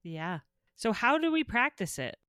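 A woman's voice: a little high, big pitch swings, measured pace, a bit bright. A woman co-hosting a casual podcast, mostly giving short affirmations while listening. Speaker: podcast co-host.

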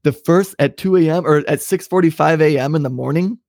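A man's voice: a little high, fairly quick, vocal fry, a little mellow, no echo, studio quality. A young man co-hosting a podcast, ranting angrily with lots of swearing in casual chat. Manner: angry, profane ranting. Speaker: podcast co-host.

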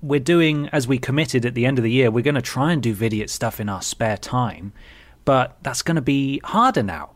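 A man's voice: mid-range voice, lively intonation, normal speed. A man co-hosting a podcast, chatting casually with dry sarcastic jokes. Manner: sarcastic, jokey. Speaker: podcast co-host. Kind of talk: casual chat.

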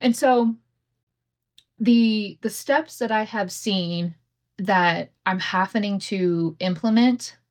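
A thirty-something woman with a medium-pitched voice speaks slowly as she hosts her podcast, telling a family story in a frank, easygoing way full of swearing and laughter. Her home setup yields imperfect audio.

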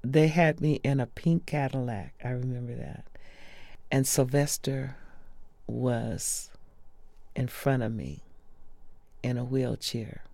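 A woman sharing personal memories of a close friend in an interview, soft-spoken and often dropping to a hush. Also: rumbling low, creaky, dry recording.

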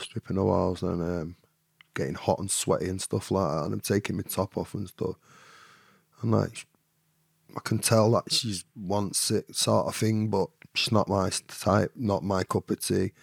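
A man's voice: deep voice, fairly even intonation, measured pace, vocal fry, a little mellow, husky, no room sound, clean studio sound. A man with a Mancunian accent, a podcast guest telling a rambling story full of fillers and "you know what I mean". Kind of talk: storytelling in an interview.

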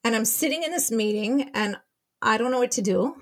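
A woman's voice: a little high, expressive, fairly quick. A woman, a bereaved mother, telling her story as a guest, quoting the people involved and sounding shaken as she retells it. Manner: retelling events with quoted dialogue, shaken. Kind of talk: emotional personal account.

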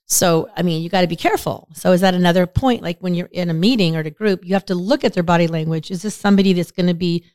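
A woman's voice: quick pace, few pauses, dry recording, clean studio sound. A woman co-hosting a podcast, chatting casually and telling stories, acting out quoted lines with big jumps in her voice. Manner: lively storyteller, acts out quotes with big pitch jumps. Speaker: podcast co-host. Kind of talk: casual chat.

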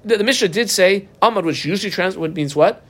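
Man, Talmud teacher; relaxed, chatty delivery, mid-high register, Aramaic phrases woven into plain English. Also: fast. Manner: mixes Aramaic and Hebrew terms with casual English asides. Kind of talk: daf yomi Talmud lesson.

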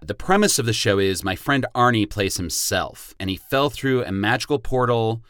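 A man in his forties, a podcast guest telling stories in a relaxed way with easy laughs. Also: medium pitch, moderate pace, dry recording, clean studio sound. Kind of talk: casual podcast chat.

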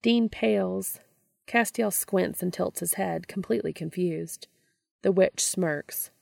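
A woman reading a fan fiction story aloud in a steady narrating voice. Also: on the low side, slow, gravelly, no room sound, studio quality.

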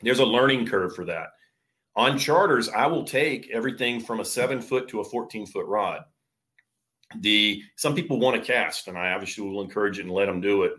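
A man's voice: fairly low pitch, a little fast, sharp tone. A man from Florida who guides surf fishing charters, giving easygoing interview answers full of fillers and restarts. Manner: easygoing, explains with many fillers.

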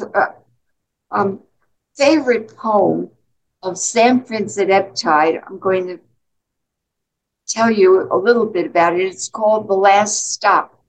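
A woman's voice: medium pitch, low-quality recording. A woman appearing as a guest poet, talking about her poetry and reading it aloud, sometimes hesitating as she searches for words. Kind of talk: interview conversation and poetry reading.

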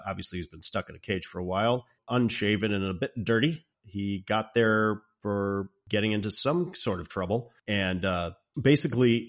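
A man casually recapping a fantasy film scene, retelling it in an animated way and acting out the lines. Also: on the low side. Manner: animated storytelling, acting out quotes. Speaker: podcast co-host.

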